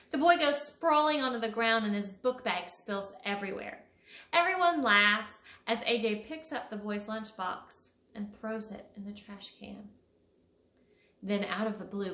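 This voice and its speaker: A woman reading a children's story for a school, expressive, leaping up high on sound words. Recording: echoey room.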